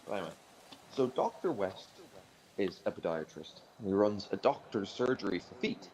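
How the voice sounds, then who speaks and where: A man's voice: fairly low pitch, expressive, normal speed, darkish tone, slight background noise, poor audio. A man telling a rambling comic story on a podcast, with frequent restarts.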